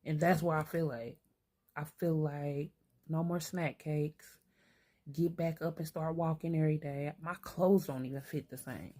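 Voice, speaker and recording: An older woman talking candidly to camera, thinking out loud to herself. She is blunt and streetwise and swears freely. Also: low-pitched, fairly even intonation, a little slow. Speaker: vlogger. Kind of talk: candid self-reflective monologue.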